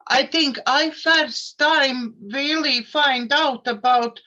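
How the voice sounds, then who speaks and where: A woman host speaks slowly, in high, bright tones. Her English is halting, and she comes through dull, lo-fi video-call audio. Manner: halting non-native English.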